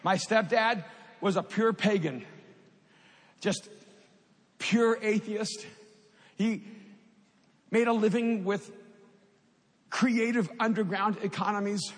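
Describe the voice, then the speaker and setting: High-voiced man telling his testimony. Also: slow, long pauses. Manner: storytelling, rising to impassioned at climaxes. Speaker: speaker giving a testimony. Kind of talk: personal testimony talk. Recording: long hall reverb.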